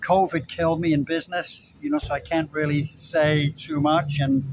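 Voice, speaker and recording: Older brit guy rambling at the camera, repeats himself a lot, voice a bit high for a man. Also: flat delivery, moderate pace, noisy background. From Britain. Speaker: vlogger. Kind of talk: casual rambling chat to camera.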